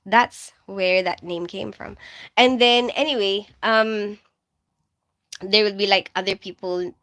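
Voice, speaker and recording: A woman's voice: medium pitch, fairly even intonation, slow, fairly bright tone. A woman hosting a casual live stream, reading viewer comments aloud and chatting in a rambling way, laughing often. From Philippines. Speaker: livestream host and nurse.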